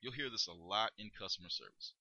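A man hosting a podcast lesson on communication, speaking deliberately and stressing key words as he explains. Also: lowish voice, bright, forceful tone, slightly rough, no room sound, low-quality recording. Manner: deliberate, emphatic, stretches key words for demonstration. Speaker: podcast host teaching communication skills. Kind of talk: instructional podcast talk.

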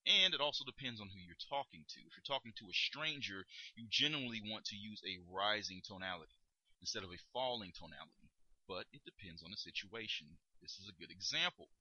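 A man coaching listeners on tone of voice, explaining and demonstrating in a lively instructional monologue. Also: on the low side, a little fast, husky, dry recording, muffled recording. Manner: demonstrates tones, emphatic and lively delivery. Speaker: dating coach.

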